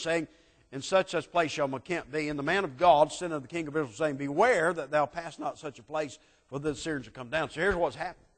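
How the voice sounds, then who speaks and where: A preacher with a somewhat high voice retells a Bible story in a sermon. He acts out the speakers and swings between loud peaks and quiet asides. His voice carries a long reverb from a large hall. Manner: dramatic storytelling preaching, acting out quotes, swinging loud to soft.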